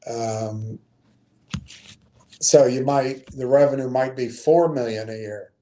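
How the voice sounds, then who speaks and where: A man's voice: medium pitch, takes it slowly, mellow, a little hiss or hum. A man hosting a casual stream about investing. He reads out an analysis and thinks aloud, with frequent ums and self-corrections. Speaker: stream host.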